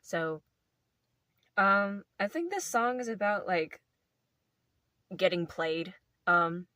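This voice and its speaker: A woman's voice: medium pitch, takes it slowly, sharp tone, no echo. A young woman casually telling a playful story to camera, rambling with lots of filler words. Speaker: video host.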